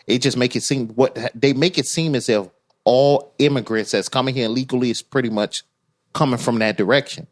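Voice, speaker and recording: A man co-hosting a podcast in casual chat, emphatic and animated, often asking "you know what I'm saying". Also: medium pitch, fairly quick, dry recording, clean studio sound. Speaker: podcast co-host.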